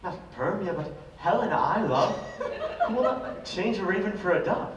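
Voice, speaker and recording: A man playing an ardent, smooth-talking young lover in a live school stage play, with an earnest, declamatory delivery. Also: high-pitched, expressive, normal speed, lo-fi sound, a little hiss or hum. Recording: echoey hall from far off.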